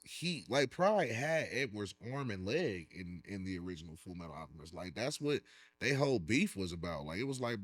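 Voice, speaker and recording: A man's voice: on the low side, lively intonation, moderate pace. A man co-hosting a podcast, talking emphatically and with strong opinions in heavy slang. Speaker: podcast co-host. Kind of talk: casual chat about anime.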